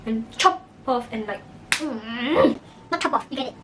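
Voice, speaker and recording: Lively high-voiced woman recapping a movie. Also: moderate pace, far from the mic, a little hiss or hum, poor audio. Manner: animated storyteller acting out character lines. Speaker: mukbang vlogger.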